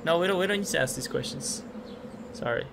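Gravelly man musing over a game. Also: expressive, brisk, background noise. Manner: musing, low-key, reads game lines aloud. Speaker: gamer. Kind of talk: gameplay commentary.

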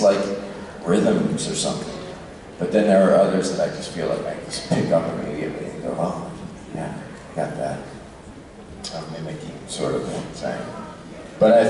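Low-voiced man in an echoey hall. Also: a little hiss or hum. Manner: relaxed, chatty, laughs easily. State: tired, short on sleep. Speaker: convention panel guest. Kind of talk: casual panel Q&A. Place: large convention hall. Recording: echoey hall recorded from far off.

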